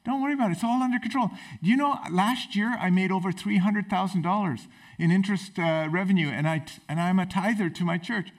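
A man voicing a wealthy yacht owner who calmly reassures his companion within a joke in his sermon. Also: high voice, fast talker, far from the mic. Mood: smug. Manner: calm, reassuring, self-assured. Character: smug wealthy yacht owner, calm and unbothered.

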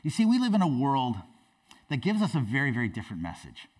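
A pastor in a church, preaching a sermon with animated, dramatic storytelling. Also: male voice, medium pitch, fast, distant mic.

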